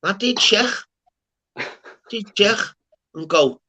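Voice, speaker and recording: A young Scouse man chats and jokes in loose, expletive-laden banter. His voice sits a little high and sounds bright and forward. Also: lively intonation, fairly quick. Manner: swearing, banter-heavy, laughs often. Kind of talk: casual chat.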